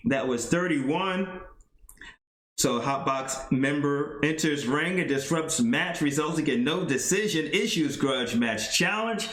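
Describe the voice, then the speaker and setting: A man narrating a tabletop wrestling game play-by-play, excitable and chuckling along. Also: a little high, slow pace, reverberant.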